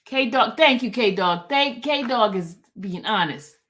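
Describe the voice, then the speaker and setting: Woman livestream host, higher voice, unhurried and teasing. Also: lively intonation, a bit bright. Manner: chatty, reads out viewer comments, repeats herself, teasing. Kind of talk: casual livestream chat.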